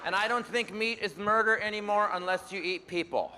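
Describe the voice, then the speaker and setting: A man doing a loud, punchy stand-up set and working the crowd in a live theater recording. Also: high voice, fairly quick, heavy background noise. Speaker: stand-up comedian. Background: loud audience laughter and cheering.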